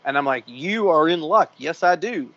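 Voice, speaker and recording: A man with a higher voice, speaking at a normal pace, co-hosts a casual podcast and works through a long story. He swears often and impersonates the other people in it with animated energy. The recording is muffled, with no echo.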